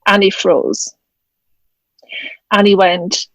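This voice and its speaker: On an interview podcast, a woman from Germany, an author and widowed mother, shares a personal story in casual talk from her home in Scotland, voicing the dialogue as she goes. She speaks at normal speed in a steady mid-range voice, and the recording is rough, with no room sound.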